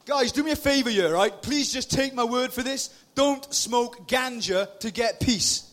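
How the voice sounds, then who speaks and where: Male youth speaker, forties, very high bright voice, chatty sermon with shouted bursts, on a PA mic. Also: a little slow. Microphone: PA microphone.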